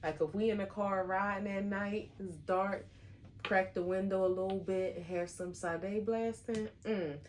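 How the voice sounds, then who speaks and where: A middle-aged woman, co-hosting a casual couple podcast in a relaxed, affectionate, teasing way. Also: mid-range voice, unhurried, slight background noise. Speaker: podcast co-host.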